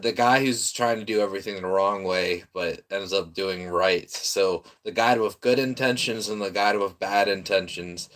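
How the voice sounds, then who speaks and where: A man's voice: low voice, fairly bright tone. A man streaming a casual reaction, rambling through restarts and often breaking into laughter.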